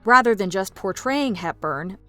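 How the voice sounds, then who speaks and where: A woman's voice: medium pitch, normal speed, soft background music. Polished woman narrating a countdown. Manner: polished, even, informative. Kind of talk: scripted narration.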